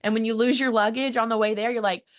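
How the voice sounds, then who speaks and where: A woman's voice: a little high, quick pace. Woman coaching on marketing, pumped up and emphatic, talks right at you, trips over a word now and then. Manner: energetic and emphatic, acts out quoted voices; repeats words when restarting, direct to the audience. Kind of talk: motivational business talk.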